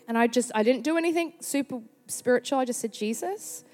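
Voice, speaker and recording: Animated Australian woman preaching in a hall. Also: sits high, fairly quick. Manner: chatty, animated storyteller who slips into quoted voices. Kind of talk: sermon with personal storytelling. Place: large church hall. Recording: long hall reverb.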